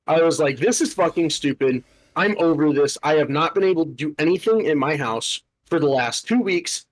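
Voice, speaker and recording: A man's voice: on the high side, animated, normal speed, rough recording. A young man hosting a podcast, telling a story in a casual, exasperated rant full of swearing and filler words. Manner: profane, exasperated ranting with many filler "like"s. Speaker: podcast host.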